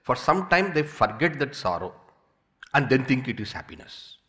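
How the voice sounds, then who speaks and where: In a medium-pitched voice at moderate speed, a man with an Indian English accent, a swami, delivers a spiritual discourse. He animates everyday stories, playfully repeating himself as he tells them.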